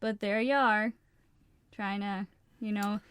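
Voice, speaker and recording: A woman's voice: mid-range voice, steady tone, slow, fairly bright tone, clear, resonant tone, dry recording, studio quality. A woman co-hosting a casual podcast, talking frankly and with feeling, swearing freely and often restarting her sentences. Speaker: podcast co-host.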